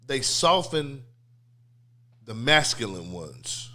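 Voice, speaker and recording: Casual male co-host, bright tense tone, animated, streetwise. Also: medium pitch, takes it slowly. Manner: animated, streetwise, repeats "you know what I'm saying". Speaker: podcast co-host. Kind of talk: casual chat.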